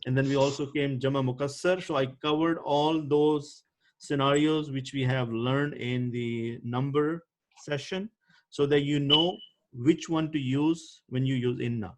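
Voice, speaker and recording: A man's voice: medium pitch, steady tone, unhurried. A man teaching Arabic grammar in an online class, explaining patiently and often checking if students follow.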